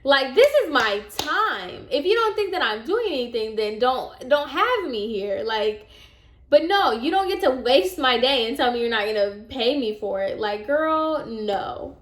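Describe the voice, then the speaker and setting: A woman's voice: high-pitched, a little slow. A young woman vlogger telling a storytime in a casual, exasperated way, acting out both sides of the conversations she describes. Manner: animated, exasperated retelling that acts out both sides of the dialogue. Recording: roomy echo.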